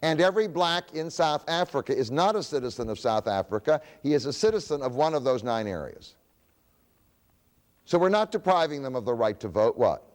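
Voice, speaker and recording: A man's voice: mid-range voice, animated, fairly quick, big-room sound. A man giving a public lecture, who poses rhetorical questions and answers them himself.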